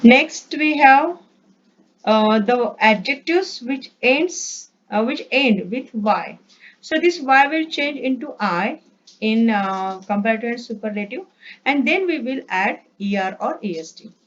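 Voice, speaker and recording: A woman gives a slow, careful grammar lesson and reads word lists one by one. Her voice sits a little high. She repeats herself and corrects small slips with a quick "sorry". The recording sounds dull and lo-fi. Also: animated. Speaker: English teacher.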